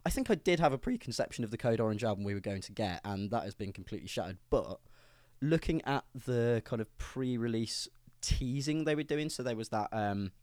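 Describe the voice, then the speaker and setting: A man's voice: mid-range voice, animated, a little fast, a little mellow, dry recording. A man co-hosting a podcast, talking in a laid-back, dry way and swearing casually. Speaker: podcast co-host.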